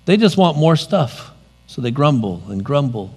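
A man preaching a sermon, expressive, moving between loud emphasis and quiet, dropped asides. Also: medium pitch, moderate pace, husky.

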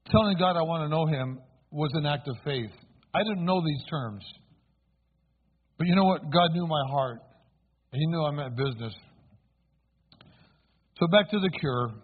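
A man with a slightly high, husky voice tells his story in a sermon. He speaks earnestly and turns to the congregation with questions. The sound is thin and tinny, like a phone line. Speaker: preacher giving testimony. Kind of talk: sermon testimony.

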